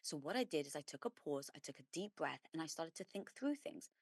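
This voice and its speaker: A middle-aged entrepreneur woman, a guest on an interview show, telling her story with emphasis and lively detail. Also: low voice, fairly quick, no room sound, studio quality. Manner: emphatic and animated, acting out her own past thoughts.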